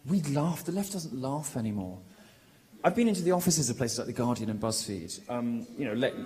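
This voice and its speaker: A British man giving a provocative, mocking live speech to a college crowd in a large, lively room, delivering it loudly and with projection. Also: medium pitch, fairly quick. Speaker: public speaker.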